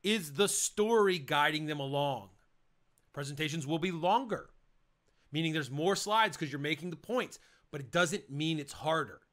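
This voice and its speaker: Guy teaching how to fix slides, bright sharp voice, kinda high, punchy and emphatic. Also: lively intonation, moderate pace. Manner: punchy, emphatic, repeats key points. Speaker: presentation coach. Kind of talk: energetic instructional talk.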